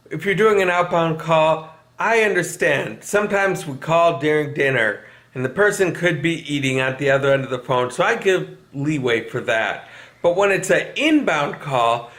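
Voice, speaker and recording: A man's voice: high voice, a bit bright. A man vlogging from his couch at home in a chatty way, laughing often. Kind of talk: casual talk to camera.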